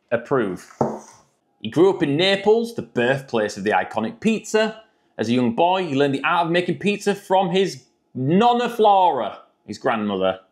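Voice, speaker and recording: A man reviewing frozen food in a jokey, chatty vlog. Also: fairly high pitch.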